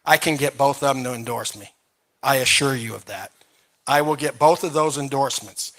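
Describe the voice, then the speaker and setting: A man's voice: mid-range voice, normal speed, fairly bright tone. A man speaking as a candidate at a live debate, insistent and repeating his main point. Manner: insistent, repetitive. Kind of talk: campaign debate answer.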